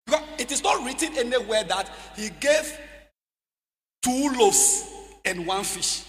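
A high-pitched, bright-voiced man preaches to a congregation. He leads call-and-response, often shouting and drawing his lines out in a sing-song. His voice rings in a reverberant church hall with faint music under it. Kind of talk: sermon.

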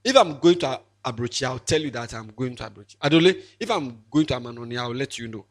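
A man's voice: mid-range voice, expressive, fast. A young man in his twenties with a Ghanaian accent, a pastor giving an emotional, joking farewell sermon with lots of repetition. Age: 20s.

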